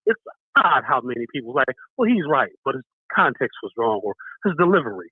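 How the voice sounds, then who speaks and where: A man's voice: mid-range voice, huge pitch swings, fairly quick, vocal fry, breathy edge, no room sound. A man calling into a live online show, arguing his point in a sarcastic, casual way. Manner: sarcastic, argumentative. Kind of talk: casual debate on a live stream. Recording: tinny phone-like line.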